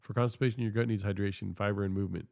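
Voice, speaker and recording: A man's voice: fairly low pitch, steady tone, racing, vocal fry, darkish tone, dry recording. Polite synthetic male assistant voice. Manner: polite, careful, advice-giving. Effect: text-to-speech voice. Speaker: AI chat assistant. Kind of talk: scripted assistant replies.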